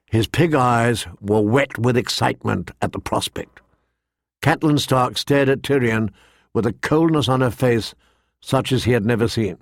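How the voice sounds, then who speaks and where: A man narrating a fantasy audiobook in an even, measured storytelling voice. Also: medium pitch, dry recording, studio quality. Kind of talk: scripted narration.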